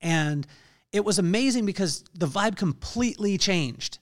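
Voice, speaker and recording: A middle-aged man hosting his podcast, telling an unscripted motivational story in an earnest way, halting often with fillers. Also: high-pitched, lively intonation. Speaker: podcast host.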